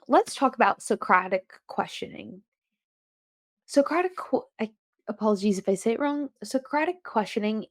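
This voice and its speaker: A woman hosting a solo podcast, chatting in a rambling, animated way with many self-interruptions. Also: mid-range voice, gravelly, no echo, studio quality. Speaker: podcast host. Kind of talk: casual solo podcast chat.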